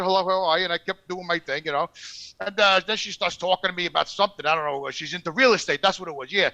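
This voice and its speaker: A man telling profane stories on a podcast, loud and animated, swearing constantly. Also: high voice. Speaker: podcast regular. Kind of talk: profane storytelling.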